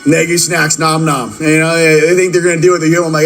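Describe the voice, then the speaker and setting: An excitable man with a fairly high voice hosts a live stream, rattling off viewers' locations between stretches of spiritual talk. He laughs often and keeps up a hyped, rapid-fire delivery. Soft music plays faintly underneath. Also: rough recording. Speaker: livestream host.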